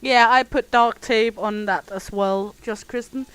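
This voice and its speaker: A Danish woman streams a simulation game, joking with her viewers and reading chat aloud in a casual, chatty way. Her fairly high voice is steady, clear, resonant, and a bit bright, with a measured pace; the recording is rough but has no room sound.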